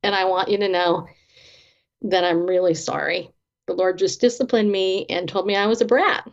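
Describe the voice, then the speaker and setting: With a steady, mid-range voice and some vocal fry, a woman speaks at normal speed as an interview guest. She's a Christian therapist and author, not from the American South, animatedly telling personal stories, laughing often and acting out conversations, on dull lo-fi audio.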